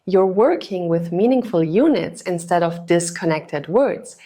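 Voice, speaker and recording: A woman with a slightly low voice narrates a scripted test-prep lesson. Her delivery is even and instructional, like a tutor walking through tips. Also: a little slow. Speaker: TOEFL tutor.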